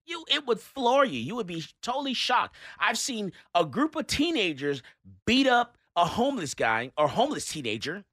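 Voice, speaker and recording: A man hosting a casual talk show, telling animated stories and giving blunt opinions. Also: high voice, normal speed, no echo, clean studio sound. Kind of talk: casual talk radio chat.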